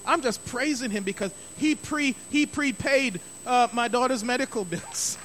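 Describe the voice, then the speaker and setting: A man's voice: extremely high pitch, moderate pace, a bit bright, slight background noise. A middle-aged man preaching a sermon as pastor, emphatic and repeating key phrases for stress.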